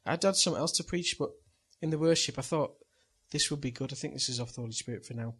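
A man in middle age preaches in a relaxed, chatty way, slipping into anecdotes and chuckling at his own stories. His voice sits a touch high and has a husky, slightly rough edge. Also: quick pace. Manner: chatty storyteller, laughs at own story. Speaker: pastor. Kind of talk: sermon with personal anecdote.

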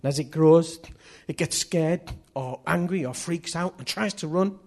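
A man's voice: fairly high pitch, unhurried. A man preaching a sermon in a chatty, jokey way, laughing at himself as he tells stories.

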